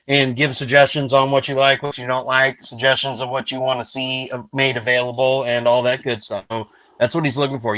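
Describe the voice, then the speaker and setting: A man hosting a casual livestream chat, thanking backers and plugging crowdfunded projects in a hurried way. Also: medium pitch, fairly bright tone, dry recording, dull audio. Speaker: podcast host.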